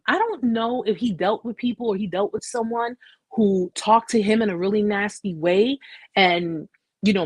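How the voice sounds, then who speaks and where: Brief: woman host, husky and dry, emphatic storyteller who keeps repeating herself. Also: mid-range voice, dry recording. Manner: emphatic, repeats phrases, asks "okay?". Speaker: host sharing a survivor story. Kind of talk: emotional personal storytelling.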